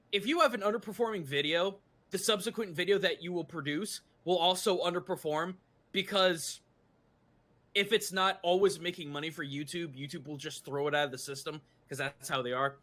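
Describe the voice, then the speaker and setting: A man's voice: fairly high pitch, lively intonation, moderate pace, a bit bright. A man chatting casually on a live stream, frank and given to blunt rants. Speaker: art streamer.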